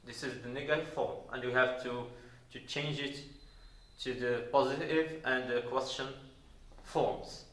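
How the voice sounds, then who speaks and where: A man from Morocco teaching an English grammar lesson deliberately, repeating words and spelling out verb endings. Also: medium pitch, fairly even intonation, a bit bright. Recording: roomy echo.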